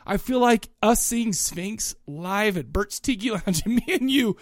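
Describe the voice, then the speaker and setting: A middle-aged man co-hosting a podcast in casual chat, rambling and excitable, often restarting his sentences. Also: high voice, unhurried, dry recording, studio quality. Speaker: podcast co-host.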